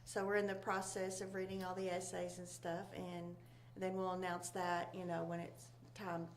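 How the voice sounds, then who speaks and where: A woman from a local chamber of commerce chatting casually, rambling and halting with many fillers. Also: on the low side, completely flat delivery. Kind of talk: casual local talk show chat.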